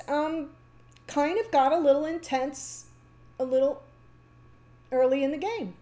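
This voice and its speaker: A woman giving a casual, chatty tarot reading, talking warmly to the viewer with fillers and small laughs. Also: sits high. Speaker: tarot reader.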